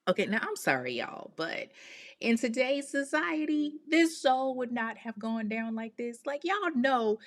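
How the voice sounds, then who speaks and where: A woman hosting a podcast, telling a true-crime story in a casual, animated way, with outspoken, exasperated asides in slang. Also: a little high, unhurried. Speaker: podcast host.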